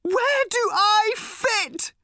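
A man voicing a furious, panicking teenage girl who screams high and shrill. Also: expressive, drawn-out words, bright, forceful tone, no room sound, clean studio sound, exaggerated voice. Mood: screaming, desperate.

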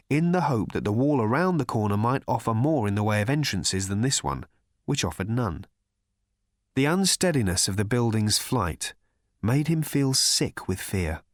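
A man narrating an audiobook with expressive comic timing. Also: medium pitch, no echo, studio quality. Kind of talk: scripted narration.

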